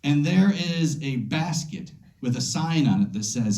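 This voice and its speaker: A male comedian tells an animated, filler-laden story on a club stage. He speaks a little high for a man, into a stage mic. His voice rings in a roomy room. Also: a little slow. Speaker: stand-up comedian. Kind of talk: stand-up comedy set.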